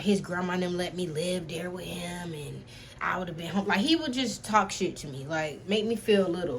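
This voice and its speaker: A young woman telling a personal story to camera in a casual vlog, animated, talking straight to her viewers with a constant "y'all" and swearing freely. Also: lowish voice, a little hiss or hum. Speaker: storytime vlogger.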